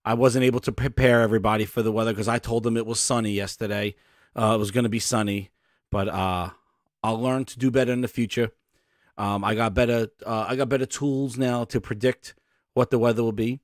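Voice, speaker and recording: A man doing a comedic impression of a middle-aged male executive playing a TV weatherman, contrite and halting with many ums and uhs. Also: mid-range voice, steady tone, dry recording, studio quality, voice pushed down, close to an everyday voice. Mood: sheepish apology.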